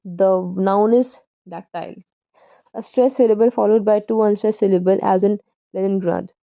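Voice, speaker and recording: A woman's voice: medium pitch, fairly even intonation, moderate pace, dry recording, highs cut off. A woman reading a poetry textbook aloud, carefully and with small slips and self-corrections. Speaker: student reader.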